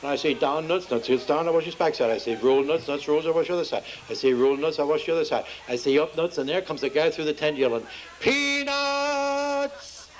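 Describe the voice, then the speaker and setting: A man's voice: quick pace, hardly any pauses, a little mellow, rough recording. A man telling folksy jokes to a festival audience, acting out the characters' lines as he goes. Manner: homespun storyteller, acts out dialogue with shifting pitch. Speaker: joke teller. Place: outdoor festival.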